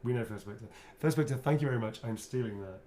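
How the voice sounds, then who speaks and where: A man chatting casually while he signs autographs on a livestream. He teases playfully, swears freely, chuckles often and drops to a quiet mutter while he draws. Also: mid-range voice, normal speed, crowd noise. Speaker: actor signing autographs on a livestream. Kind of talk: casual chat while signing.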